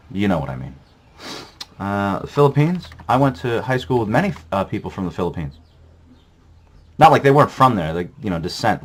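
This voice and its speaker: A man commenting crudely on a geography quiz he is playing, sarcastic and profane, rambling with lots of fillers. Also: fairly low pitch.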